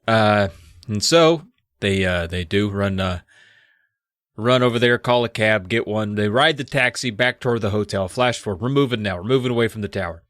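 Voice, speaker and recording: Bright-voiced man doing comic recaps. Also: on the low side, normal speed, dry recording, studio quality. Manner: recaps with bad British accents and laughs at himself. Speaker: podcast co-host. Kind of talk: comedic book recap.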